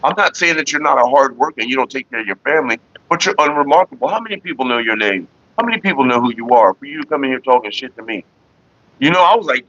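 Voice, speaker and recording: A middle-aged man hosting a casual livestream, talking in a rambling, profane way with animated retellings. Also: medium pitch, quick pace, no echo, muffled recording. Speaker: livestream host.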